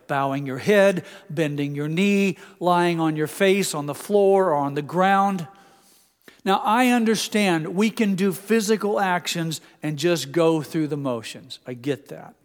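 Earnestly questioning his flock, an older pastor delivers a sermon in the church sanctuary. His voice is high for a man, and his words ring out with a long reverb through the hall.

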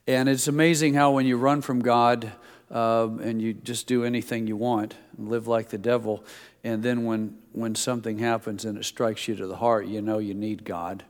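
A man's voice: medium pitch, flat delivery, normal speed. A middle-aged male pastor giving a sermon, with folksy stories in a conversational preaching manner. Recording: long reverb of a church hall.

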